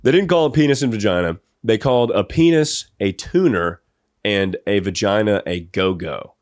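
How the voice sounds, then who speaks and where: A young man with a somewhat low voice tells a funny story on his podcast. He rambles and laughs as he talks, recorded close up on a dry mic. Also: moderate pace, dry recording. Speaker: podcast host. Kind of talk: comedic storytelling.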